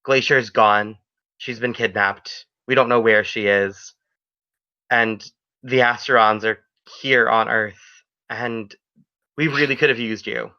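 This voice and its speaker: A man's voice: medium pitch, steady tone, takes it slowly, pushed and bright, dry recording. A man voicing a flustered, angry young woman in her twenties who leads a hero team, tense and pleading, on a dull lo-fi recording. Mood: frustrated.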